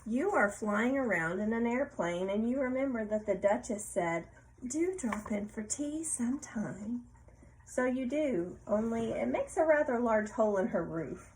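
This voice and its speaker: A woman's voice: a little high, expressive, moderate pace, hardly any pauses, darkish tone, a little hiss or hum, rough recording. Playful woman reading a storybook aloud. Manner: playful, asks the child questions, laughs often. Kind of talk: picture book read-aloud to a child.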